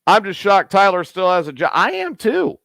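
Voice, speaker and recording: A man hosting a live show, chatting casually in a rambling, raunchy, excitable way. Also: sits high, normal speed, creaky, dry recording. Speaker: host.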